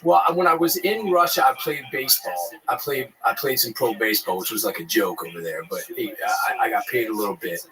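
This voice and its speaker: A man who is a guest actor, talking casually in a quick, rambling way, repeating words and swearing. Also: mid-range voice, a crowd in the background, low-quality recording. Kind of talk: casual chat.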